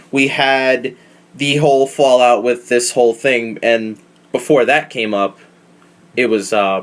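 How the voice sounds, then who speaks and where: Profane rambling male podcast host. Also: lowish voice. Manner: rambling, profane, animated storytelling. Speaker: podcast host recapping wrestling. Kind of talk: casual chat.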